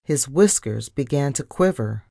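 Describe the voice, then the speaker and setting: A woman reading a children's storybook aloud in first person, with an animated delivery. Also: a bass voice, a little slow, vocal fry, no room sound, clean studio sound.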